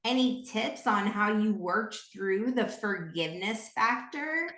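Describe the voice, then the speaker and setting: A woman hosting a conversation about recovery, talking softly with many fillers and hesitations. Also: medium pitch, animated, slow, roomy sound. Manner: soft, filler-heavy and hesitant. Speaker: podcast host. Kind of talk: conversational interview.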